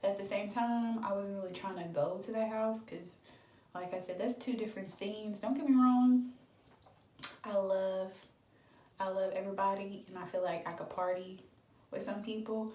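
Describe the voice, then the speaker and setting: A woman's voice: medium pitch, darkish tone, distant mic. A young woman in her twenties telling a dramatic storytime on her vlog, chatty and full of fillers. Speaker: beauty vlogger. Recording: echoey room, voice from off-mic.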